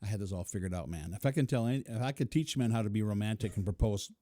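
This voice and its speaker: A middle-aged man with a low, warm, mellow voice tells a personal story. He chuckles often and acts out the quotes. The recording is close and dry, with no room sound. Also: quick pace, no room sound. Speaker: interview guest.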